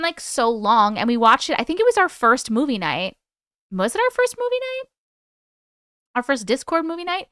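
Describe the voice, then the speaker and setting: Lively high-voiced woman chatting on a livestream. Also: clear, resonant tone, no room sound, clean studio sound. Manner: chatty, animated, swears freely. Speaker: host reading viewer stories. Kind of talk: casual live-stream chat.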